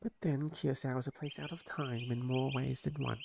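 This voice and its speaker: A man's voice: medium pitch, steady tone, moderate pace, gravelly, noisy background. A man streaming a story game, reading along and making joking, rambling asides full of fillers. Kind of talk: casual game commentary.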